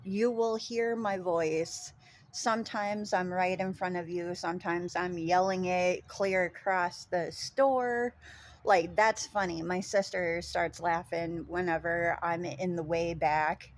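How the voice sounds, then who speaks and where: A woman with a Minnesota accent talks casually to her vlog audience. She rambles at an unhurried pace in a fairly low voice, filling gaps with ums and dropping casual swear words. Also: steady tone, no room sound. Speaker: vlogger. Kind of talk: casual chat.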